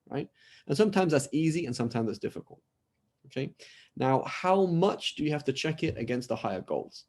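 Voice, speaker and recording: Mellow British man teaching a class. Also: mid-range voice. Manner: conversational, keeps asking "right?" and acts out little dialogues. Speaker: Islamic scholar teaching a class. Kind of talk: lecture. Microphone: video call.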